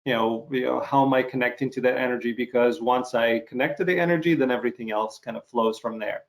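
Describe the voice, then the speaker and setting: A man's voice: medium pitch, fast talker, gravelly. A man whose first language is Russian, hosting an interview and asking reflective questions with many ums. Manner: reflective, frequent ums and you-knows. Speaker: interview host. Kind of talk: casual interview chat.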